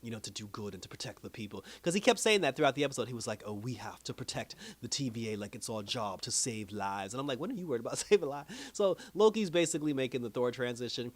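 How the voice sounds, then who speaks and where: A man talks through a TV episode review in a loose, rambling recap style. He laughs often and keeps slipping into the lines of the people he describes. His voice sits at a middling pitch. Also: expressive, fast talker, few pauses. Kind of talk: casual recap with quoted voices.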